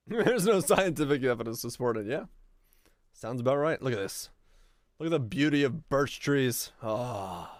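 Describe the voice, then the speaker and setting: A man's voice: mid-range voice, lively intonation, moderate pace, dry recording, studio quality. A young man from Finland, a game streamer, chatting casually with his viewers; he talks in a laid-back way, swears a lot and laughs easily. His is not English. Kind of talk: casual chat with viewers while gaming.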